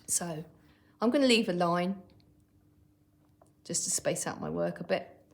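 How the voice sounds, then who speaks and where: Primary teacher lady, kinda low voice, talks slow, reads her example lines out while writing. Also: gravelly. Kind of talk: recorded online lesson.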